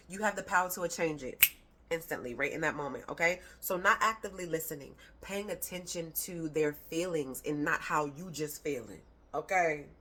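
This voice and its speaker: A woman's voice: fairly low pitch, normal speed, a bit bright. A woman parenting coach giving a casual, conversational talk to camera, emphatic and slangy, with playful rhyming asides.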